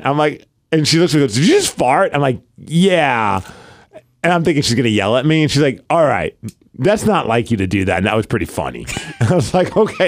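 A man co-hosting a podcast in casual chat, an animated storyteller who laughs often. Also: mid-range voice, vocal fry, no echo. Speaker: podcast co-host.

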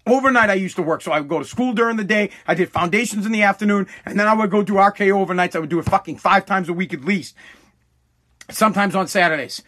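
A man's voice: high-pitched, fast talker, pushed and bright. A man telling a casual story bluntly, full of swearing and restarts. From Massachusetts.

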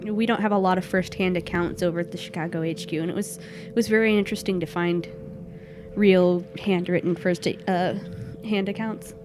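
A woman's voice: on the low side, steady tone, normal speed, noisy background. A woman playing a tabletop role-playing game, answering briefly and easily. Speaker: player. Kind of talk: casual tabletop role-play.

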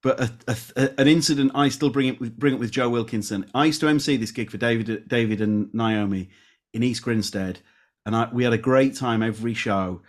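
A man hosting a podcast, chatty, quick to laugh and self-deprecating. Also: medium pitch. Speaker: podcast host. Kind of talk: casual podcast interview.

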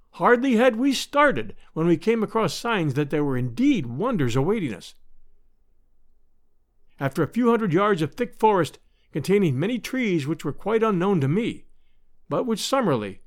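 Expressive male audiobook narrator, lively pitch. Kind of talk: scripted narration.

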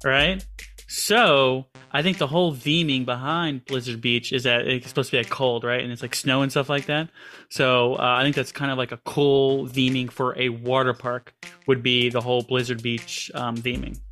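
A man with a bright, forceful voice co-hosting a relaxed podcast chat. He rambles freely and fills his talk with "like" and "you know," with faint music underneath. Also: medium pitch, moderate pace. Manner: rambling, lots of likes. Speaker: podcast co-host. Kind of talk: casual chat.

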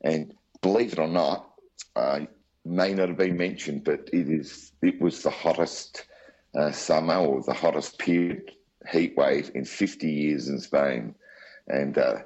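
A man's voice: a bass voice, a little slow, darkish tone, lo-fi sound. A man with an Australian accent, telling his story as an interview guest in a chatty, rambling way. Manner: chatty, rambling with many asides.

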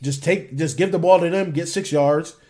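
Animated young man talking fantasy football. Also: on the high side. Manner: animated, quick, trails off and restarts. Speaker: podcast co-host. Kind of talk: casual sports chat.

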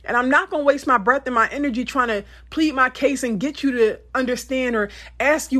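A motivational speaker, a woman, delivers a candid monologue that is blunt, emphatic and often profane. She talks briskly with few pauses, her pitch swinging lively up and down.

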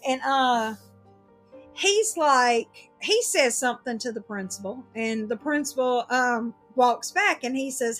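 A woman's voice: high-pitched, measured pace, faint music behind. A woman telling a story in casual chat, acting out what everyone said. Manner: animated storytelling, acts out quoted dialogue.

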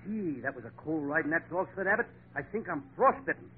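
A man's voice: on the high side, lively intonation, brisk. A man doing whiny, boyish wisecracks in a 1940s radio comedy. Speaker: comedian, comic half of a double act. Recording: tinny lo-fi old radio with loud hiss.

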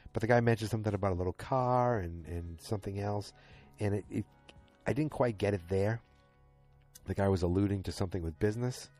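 A man's voice: low voice, dark tone. A tired man casually recapping a TV episode, rambling and often stopping to correct himself. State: tired and yawning late at night. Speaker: podcast host recapping a TV episode.

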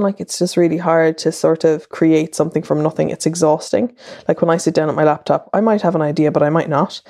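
A woman's voice: low-pitched, warm tone, no echo, studio quality. An Irish woman in her thirties hosting a podcast, talking in a chatty, rambling monologue that wanders and restarts itself. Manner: chatty, wandering, self-interrupting. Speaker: podcast host and columnist.

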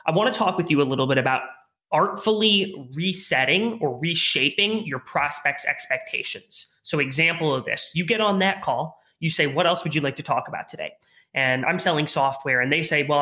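Bright-voiced man hosting a podcast. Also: fairly high pitch, brisk. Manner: curious, lays out detailed example questions. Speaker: podcast host. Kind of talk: podcast interview.

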